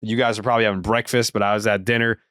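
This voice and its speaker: A man hosting a casual sports podcast, telling stories with animated, profane enthusiasm. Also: on the low side, racing, no room sound, studio quality. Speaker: podcast host.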